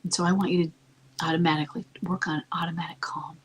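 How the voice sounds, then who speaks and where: A woman giving marriage-coaching advice in a soft, calm, often near-whispered delivery that stays earnest and reassuring. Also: fairly low pitch, quick pace, lo-fi sound, slight background noise. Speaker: marriage coach answering a listener's question. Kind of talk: advice talk.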